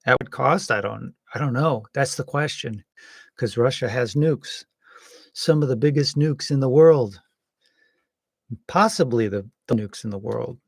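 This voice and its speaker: A man giving casual, rambling political commentary, hesitant with many pauses and some wry jokes. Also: medium pitch, creaky, breathy edge, no room sound, clean studio sound. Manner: wry and joking.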